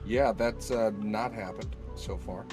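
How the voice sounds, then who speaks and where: A man co-hosting a casual chat, joking in an animated, profane way. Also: lowish voice, measured pace, music in the background.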